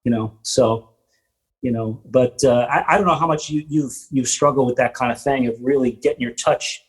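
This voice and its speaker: A man hosting a podcast, telling rambling stories from his work as a theater drummer and quoting other people with animated voices. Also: mid-range voice, moderate pace, poor audio. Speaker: podcast host and Broadway drummer. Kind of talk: casual interview chat.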